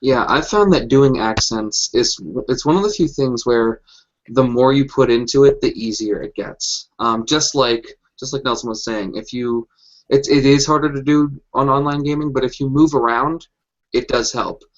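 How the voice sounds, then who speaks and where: A man explaining tips about voices and accents in a casual video call chat, pausing often with ums. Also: mid-range voice. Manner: explanatory, hesitant with many ums. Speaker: game master panelist. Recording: dull lo-fi video call audio.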